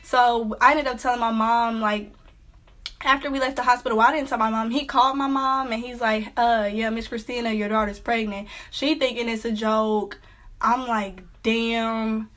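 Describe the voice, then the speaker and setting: A teenage girl casually telling a personal story to her viewers, full of "like" fillers and lively quoted reactions. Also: on the high side, moderate pace. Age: teens. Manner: chatty, lots of "like" fillers, animated quoting. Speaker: vlogger.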